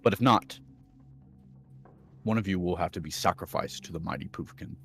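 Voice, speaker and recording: A man voicing a mighty beast cat in a tabletop game, speaking in grave, hushed pronouncements. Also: sits low, normal speed, gravelly, faint music behind, voice pushed down. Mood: ominous.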